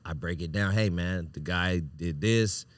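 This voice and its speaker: A man hosting a podcast, telling a long story in a casual, animated way, swearing freely and acting out what people said. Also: low voice, a little slow, no room sound. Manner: animated, profane, acts out quoted lines. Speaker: podcast host.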